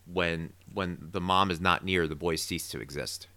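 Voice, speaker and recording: Low-voiced man theorizing in a podcast. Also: normal speed, dry recording. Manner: opinionated, animated theorizing. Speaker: podcast co-host. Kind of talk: casual recap chat.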